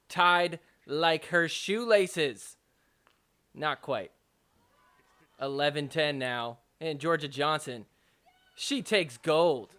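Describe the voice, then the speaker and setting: A man hosting a podcast, giving a casual, animated recap over sports clips and laughing at the players. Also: fairly high pitch, smooth. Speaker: podcast host.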